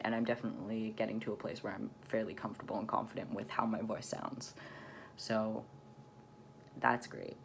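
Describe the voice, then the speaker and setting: A young man talking casually to his viewers, his voice caught partway through a testosterone change and sitting at a middling pitch. He rambles easily, filling gaps with "um" and small self-conscious laughs. A faint hiss sits under the recording. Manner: chatty, many "um"s and light laughs, self-deprecating. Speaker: vlogger. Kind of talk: casual vlog chat.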